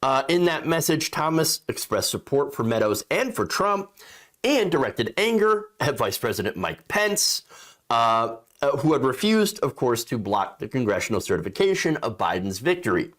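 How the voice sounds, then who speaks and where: A man's voice: mid-range voice, big pitch swings, moderate pace, a bit bright. A man giving political opinion commentary in a sarcastic, indignant, conversational way. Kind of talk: opinion commentary reading news.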